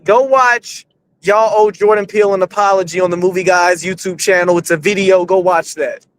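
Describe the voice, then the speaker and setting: A man's voice: high-pitched, steady tone, normal speed, slight background noise. A man co-hosting a movie podcast in casual, rambling chat, swearing freely. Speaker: podcast co-host.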